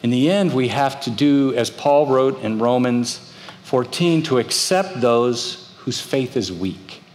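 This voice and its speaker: A man's voice: medium pitch, animated, slow pace, darkish tone, slight background noise. Pastor man preaching in a reverberant hall. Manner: storytelling, acts out quoted voices. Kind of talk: sermon. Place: church.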